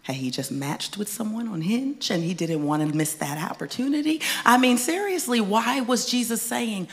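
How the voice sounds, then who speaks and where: A woman preaching a sermon in a conversational, folksy way, swinging from loud emphatic bursts to hushed whispers. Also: fairly high pitch, lively intonation, moderate pace, few pauses. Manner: conversational, folksy asides to the congregation. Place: church stage before a congregation.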